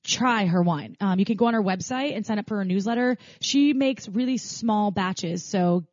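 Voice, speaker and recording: A woman's voice: mid-range voice, normal speed, a little mellow, no echo, lo-fi sound. A woman co-hosting a podcast, chatting casually with lots of fillers and restarts. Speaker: podcast co-host.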